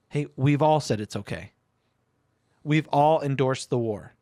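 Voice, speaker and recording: A man's voice: mid-range voice, measured pace, pauses often, warm tone, dry recording, studio quality. A man co-hosting a talk show, arguing bluntly and provocatively, with frequent swearing. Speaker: podcast co-host. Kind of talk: opinionated casual talk.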